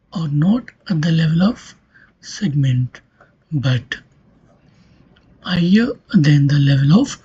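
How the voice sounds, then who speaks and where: Slow, breathy-voiced linguistics lecturer. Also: mid-range voice, mellow, muffled recording. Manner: slow, step-by-step explaining with frequent "okay" check-ins. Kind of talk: recorded online lecture.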